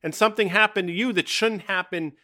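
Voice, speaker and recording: A man's voice: high-pitched, fairly quick, sharp tone. A man co-hosting a markets podcast, talking casually and emphatically with strong opinions. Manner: emphatic, opinionated, name-dropping movie quips. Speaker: podcast co-host.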